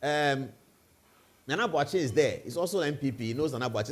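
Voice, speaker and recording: A man's voice: medium pitch, lively intonation, quick pace. A man with a Ghanaian accent hosting a live evening TV talk show, asking rhetorical questions and spinning hypothetical stories in the first person. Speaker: TV show host.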